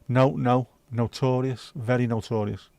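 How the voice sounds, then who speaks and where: A man's voice: medium pitch, fairly even intonation, fairly quick, dark tone, dry recording. A man hosting a livestream, chatting casually and swearing freely while reacting to viewer comments. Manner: laid-back, sweary banter. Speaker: livestream host.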